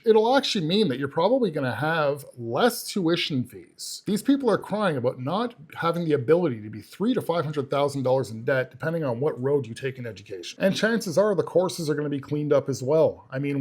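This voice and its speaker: A man's voice: medium pitch, darkish tone. A man hosting a reaction channel, scornfully and emphatically commenting on clips.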